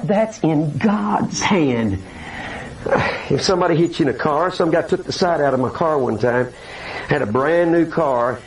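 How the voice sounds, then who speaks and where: An older male preacher delivers a sermon in a high, lively voice that leaps up and down as he acts out scripture quotes. He is picked up from across the room, and a faint hiss sits behind him. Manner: animated, dramatic preaching with acted-out quotes. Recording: distant mic with faint hiss.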